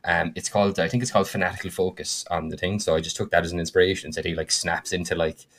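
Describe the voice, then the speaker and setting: A man with a fairly low voice tells a story from a tabletop game he ran. He talks casually and animatedly, full of fillers, and jumps up in pitch when excited. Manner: animated, with frequent fillers and quick bursts of higher pitch. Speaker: podcast co-host and game master.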